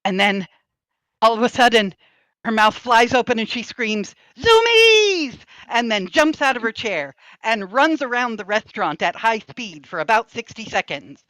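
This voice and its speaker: A woman running a tabletop game, narrating scenes slowly and expressively as game master. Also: a little high, no room sound, poor audio. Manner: slow, descriptive, expressive narration.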